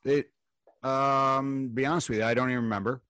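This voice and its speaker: A man in the host's chair recalling old coaches in loose, halting sentences padded with fillers. His voice sits at an ordinary middle pitch and is recorded close and dry, with no room sound. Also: fairly even intonation, sharp tone, no echo. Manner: rambling, halting storytelling with fillers. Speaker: podcast host, former pro hockey player. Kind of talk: casual chat.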